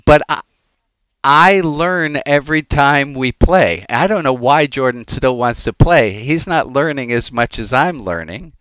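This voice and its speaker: A man's voice: mid-range voice, expressive, unhurried, fairly bright tone, clean tone, no echo. A man who is a rabbi gives an informal teaching sermon, talking conversationally with the congregation, wandering off on tangents and making jokes. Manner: conversational, digressive and joking, addressing the congregation.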